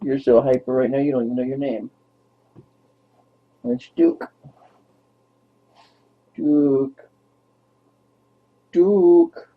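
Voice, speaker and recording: A man's voice: mid-range voice, little pitch movement, brisk. A young man rambling playfully to his dog on camera in baby talk, as a vlogger. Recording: tinny phone-like lo-fi audio.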